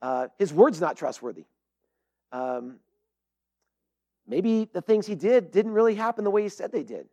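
A man's voice: high voice, animated, normal speed, long pauses, warm tone, highs cut off. A middle-aged man preaching a sermon as pastor, earnest and emphatic, with frequent fillers and restarts.

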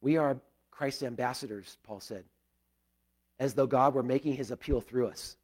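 A middle-aged man preaching a sermon in an earnest, conversational way, with loud bursts and soft prayerful drops. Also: medium pitch, normal speed. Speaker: pastor.

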